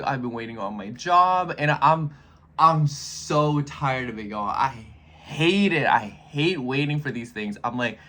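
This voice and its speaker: A man in his twenties chatting casually in a vlog, rambling and animated as he speaks straight to his viewers. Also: mid-range voice. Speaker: astrology YouTuber.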